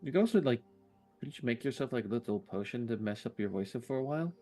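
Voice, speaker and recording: A man's voice: medium pitch, lively intonation, fast, dark tone, faint music behind. A man playing a tabletop game, casually and playfully suggesting ideas to the others. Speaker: player. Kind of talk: casual tabletop role-play.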